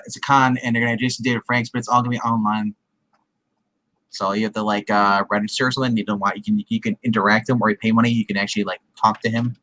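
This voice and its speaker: Bright sharp-sounding guy, chatty, sarcastic little asides, dry close sound. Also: mid-range voice, dry recording, rough recording. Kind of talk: casual chat.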